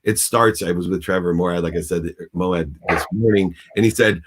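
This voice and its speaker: A man's voice: low-pitched, a little fast, husky. A man on a video call telling a personal story in an intense, preachy way, as a business coach guest. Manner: intense, preachy, acts out shouting in quotes. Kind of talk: animated storytelling in a talk interview.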